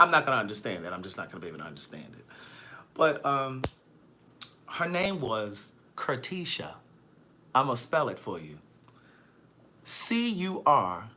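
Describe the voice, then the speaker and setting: Male vlogger, sassy and animated, bright voice, pitch swings widely. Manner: sassy, animated, reads viewer comments aloud. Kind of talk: live-stream chat.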